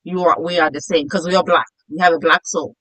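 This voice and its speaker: A bright, forceful middle-aged woman from Africa hosts a casual interview chat. She is playful and quick to laugh, and sometimes acts out the voices of people in her stories. Her voice is recorded close and dry, with no room echo. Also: sits low, steady tone. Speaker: host.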